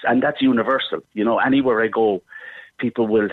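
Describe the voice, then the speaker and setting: A man's voice: medium pitch, fairly even intonation, brisk, no echo. A middle-aged man with a Cork Irish accent, a guest actor talking on the phone in an interview, effusive and full of restarts. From Ireland. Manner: effusive, warm-hearted talk with repeated restarts. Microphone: phone line. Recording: tinny phone line.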